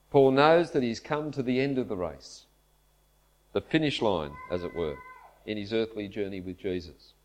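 A man preaching a sermon at a church camp, earnest and measured, leaning into his scripture quotes. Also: fairly low pitch, a little mellow. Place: church camp meeting hall.

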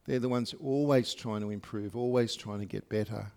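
A man's voice: on the low side, fairly even intonation, normal speed, mellow, smooth. A man preaching a sermon to his congregation, speaking conversationally with many fillers and asides. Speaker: pastor. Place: church service.

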